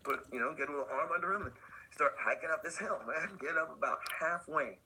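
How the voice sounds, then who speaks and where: A man guesting on a skate podcast, telling a story in animated, slangy casual talk and acting out the other people's voices. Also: quick pace, noisy background. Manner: acts out quoted voices, swinging high and low; laid-back slangy talk with laughs.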